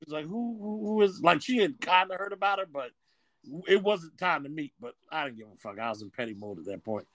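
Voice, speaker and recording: Gravelly-voiced man, blunt podcast chat. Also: on the high side, a little fast, dry recording. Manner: blunt, profane, animated storytelling. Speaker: podcast co-host.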